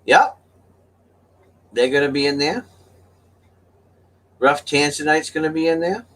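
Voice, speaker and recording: A man's voice: fairly high pitch, unhurried, fairly bright tone. A middle-aged man hosting his own channel, telling a story in a folksy, casual way and laughing often. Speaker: channel host.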